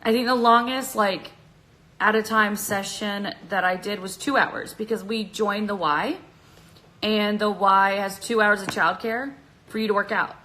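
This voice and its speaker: Bright-voiced woman chatting nervously. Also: mid-range voice, a little slow, low-quality recording. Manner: nervous, chatty, laughs often. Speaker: vlogger on a livestream. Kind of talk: casual livestream chat. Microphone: phone at arm's length.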